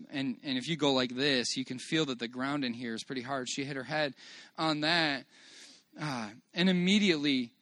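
A man telling a personal church testimony to a congregation in a church meeting room, earnest and halting as he restarts phrases and praises God. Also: fairly high pitch, fairly bright tone, dry recording. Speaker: father giving a church testimony.

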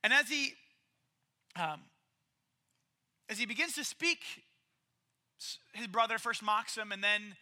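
A male preacher with an unusually high voice tells a sermon like a story. His tone is very bright and sharp, and he keeps it conversational and animated. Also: a little slow, pauses often. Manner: lively, conversational, acts out quoted characters.

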